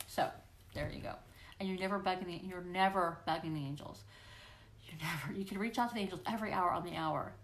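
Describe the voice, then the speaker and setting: Bright-voiced woman hosting a live chat. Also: fairly low pitch, a little fast, slight background noise. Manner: playful, encouraging, often acts out quoted voices. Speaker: host of a weekly live angel question-and-answer session. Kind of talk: casual live-stream chat with viewers. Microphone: livestream computer microphone.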